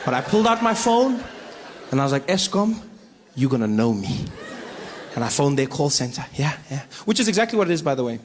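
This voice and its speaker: A man with a South African accent doing stand-up comedy, telling stories in a playful, animated way. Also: a little high, quick pace, noisy background. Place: comedy stage.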